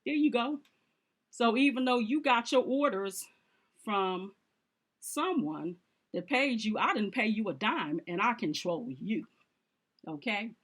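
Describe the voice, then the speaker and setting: A woman's voice: fairly high pitch, animated, a little slow, long pauses, fairly bright tone. A woman vlogging in a casual monologue, speaking emphatically and repeating her points straight at the viewer, with informal fillers. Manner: informal, with fillers and short laughs.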